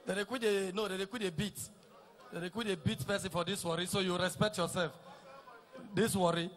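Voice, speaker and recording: A middle-aged Nigerian man with a Nigerian Pidgin accent, doing a teasing stand-up routine that repeats lines and shouts punchlines. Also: high voice, steady tone, normal speed. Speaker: stand-up comedian. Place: live comedy stage.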